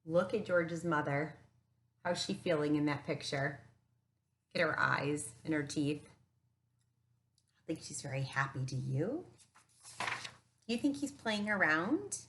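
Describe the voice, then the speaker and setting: Lively woman reading a storybook. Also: low-pitched, unhurried, pauses often, slight background noise. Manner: animated, asks the listener questions. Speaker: teacher reading aloud to children. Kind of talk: storybook read-aloud with questions to kids. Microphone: camera mic.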